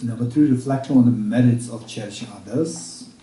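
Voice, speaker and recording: A man teaching Buddhist practice at a retreat, repeating each point slowly as if dictating, with halting restarts and check-ins with his listeners. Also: mid-range voice, mellow. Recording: roomy room, speaker far from mic.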